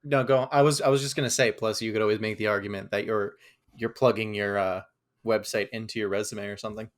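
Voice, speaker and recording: A man's voice: fairly low pitch, steady tone, quick pace. A man co-hosting a podcast, chatting casually in a laid-back way, often restarting his sentences. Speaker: podcast co-host.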